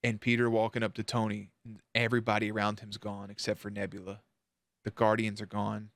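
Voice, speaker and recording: A man's voice: on the low side, completely flat delivery, a little fast, fairly bright tone, no echo, studio quality. A man hosting a reaction channel, telling a story to camera in a candid, emotional way with casual swearing.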